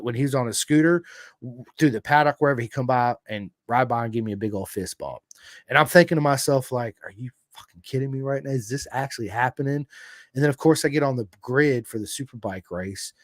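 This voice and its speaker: Excitable country-accented American man. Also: mid-range voice, quick pace, no echo, studio quality. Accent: American Southern country. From United States. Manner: excitable storyteller, swears freely, big swings in energy. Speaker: podcast host. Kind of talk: casual chat.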